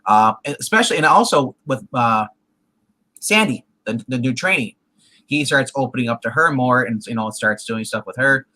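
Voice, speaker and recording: Bright-voiced rambling man. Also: medium pitch, expressive, moderate pace, rough recording. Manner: rambling, many fillers and restarts. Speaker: co-host reviewing a TV show. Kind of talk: casual chat.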